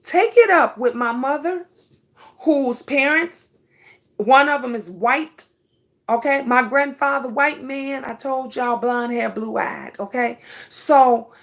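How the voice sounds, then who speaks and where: Animated middle-aged woman, AAVE speech. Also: high-pitched, slow pace. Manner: animated, emphatic, addresses viewers as honey. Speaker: vlogger. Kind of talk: casual storytelling monologue.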